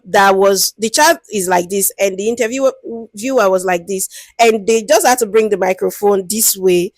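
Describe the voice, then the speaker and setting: A product management teacher with a Nigerian accent gives a casual, lively explanatory talk, repeatedly asking "do you understand?" to check that listeners follow. She acts out interview lines in a higher, sweeter voice, and the recording is dry.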